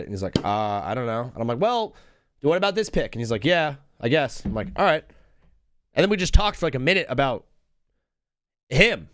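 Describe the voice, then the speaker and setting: Animated young man on a dry mic. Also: fairly high pitch, no echo. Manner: rambling, chatty, jumps between game calls and stories. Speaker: live-stream sports show host. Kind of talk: casual live sports talk with game updates and chat replies.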